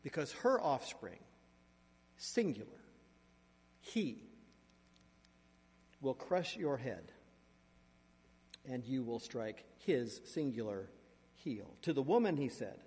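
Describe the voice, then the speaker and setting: A man preaching a sermon, reading scripture aloud and adding asides, with sharp shifts in loudness and emphasis. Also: mid-range voice, big pitch swings, takes it slowly, pauses often, breathy edge. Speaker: pastor. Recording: long reverb of a large hall.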